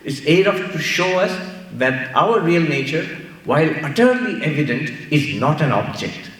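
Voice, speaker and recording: A man with an Indian English accent giving a spiritual talk in a large hall, animated and playful as he tells stories. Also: on the high side, normal speed. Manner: animated storytelling with playful asides. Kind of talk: sermon-style lecture. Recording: echoey hall, mic far off.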